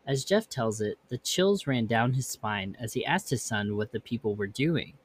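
A man's voice: medium pitch, lively intonation, normal speed, few pauses, slightly rough. A man hosting a podcast, reading ghost stories aloud and breaking off into offhand comments. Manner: reads text, then breaks off into offhand comments. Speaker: podcast host.

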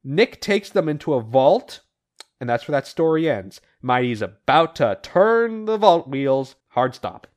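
A man co-hosting a podcast, casually retelling comic book issues with animated voiced quotes and the odd swear. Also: mid-range voice. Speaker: podcast co-host recapping comics. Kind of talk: casual comic recap chat.

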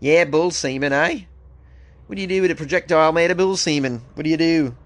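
A man voicing a teasing male firefighter in a loud, sing-song mock accent, ribbing a workmate. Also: fairly high pitch, a little fast, gravelly, pitched above the performer's own voice. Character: teasing middle-aged male firefighter, joking with mates.

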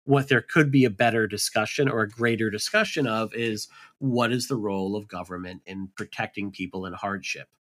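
A man's voice: on the low side, fairly quick, few pauses, fairly bright tone. A man co-hosting a podcast, chatting casually about a film and rambling with lots of filler words. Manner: rambling, lots of "like" and "you know". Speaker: podcast co-host.

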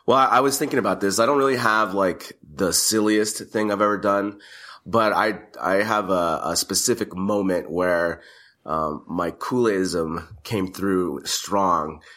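A man co-hosting a casual sports podcast, telling a lively story with frequent restarts and fillers. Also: low-pitched, measured pace. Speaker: podcast co-host. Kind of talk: casual chat. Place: lives in Madrid.

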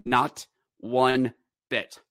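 Excitable hockey fan podcaster, bright voice. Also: male voice, mid-range voice, very slow, no room sound, studio quality. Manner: excitable, shouts and groans while calling plays, then bitter and sarcastic. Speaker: podcast host recapping hockey games. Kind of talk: fan podcast recap with play-by-play.

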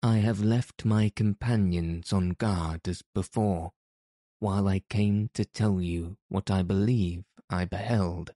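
A man's voice: low-pitched, steady tone, slow pace, dark tone, dry recording, clean studio sound. A man voicing a timid male imp servant who pleads humbly and stammers in fear. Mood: pleading, fearful.

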